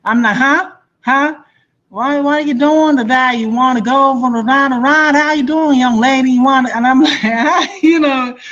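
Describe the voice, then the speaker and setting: Lively Jamaican woman telling stories. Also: fairly high pitch, lo-fi sound. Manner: lively storyteller who acts out other people's voices. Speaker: guest, former basketball player. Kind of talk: radio interview.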